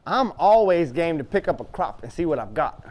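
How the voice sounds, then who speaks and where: At a brisk clip, a middle-aged trainer with a notably high voice recounts vivid horse stories, dramatizing his reactions along the way. His hands-on riding instruction, coaching a student through groundwork in an arena, is just as animated.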